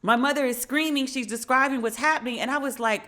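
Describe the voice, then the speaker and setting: A woman in her forties hosting a podcast, telling a story in a casual, profane, animated way and shrieking when she reenacts moments. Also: sits high, fairly quick, hardly any pauses. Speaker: podcast host. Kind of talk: casual monologue.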